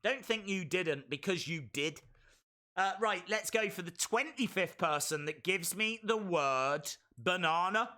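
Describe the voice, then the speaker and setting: A man's voice: sits high, animated, unhurried, bright, forceful tone. A man hosting a casual live reaction stream of a wrestling show, playfully repeating phrases and reading out viewers' chat.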